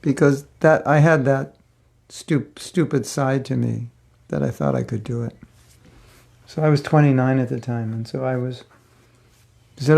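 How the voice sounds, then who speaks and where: A man's voice: medium pitch, steady tone, unhurried, vocal fry, long pauses, darkish tone. An older man giving a spiritual class, telling a personal story in a rambling, conversational way with many fillers. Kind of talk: casual storytelling lecture.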